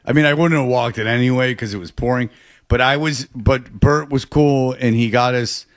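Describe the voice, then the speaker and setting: A man chatting casually, spinning out a long story with plenty of false starts and sudden bursts of excitement. His voice sits at an ordinary pitch, and the recording is close and dry. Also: moderate pace, no room sound. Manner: rambling, animated storyteller with frequent restarts.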